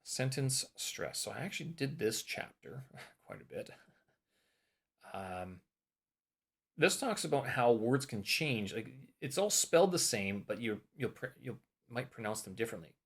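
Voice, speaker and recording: A man's voice: medium pitch, big pitch swings, measured pace, vocal fry, husky. A man hosting a vlog, casually talking through course material while thinking aloud, trailing off and restarting, and testing word stress aloud on single words. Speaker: language-learning vlog host.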